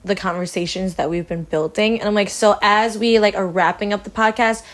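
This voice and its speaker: A woman's voice: mid-range voice, steady tone. A woman hosting a casual podcast, talking in a chatty way with lots of fillers. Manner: chatty, many fillers, quick affirmations. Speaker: podcast host.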